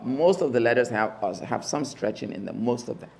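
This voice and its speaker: A man teaching Arabic letters in a mosque class, slowly drilling each sound and repeating the spelling emphatically. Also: mid-range voice, animated. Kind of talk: classroom lesson.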